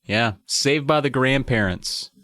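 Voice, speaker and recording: A man's voice: medium pitch, a little slow, bright, forceful tone, no echo. A man hosting a podcast, chatting casually and reading book passages aloud with enthusiastic comments. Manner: enthusiastic, swearing, reads passages.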